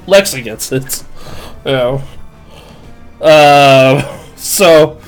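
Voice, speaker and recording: A man's voice: mid-range voice, drawn-out words, soft background music. Rambling, crude man telling a story on stream. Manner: rambling, crude, self-mocking, many fillers.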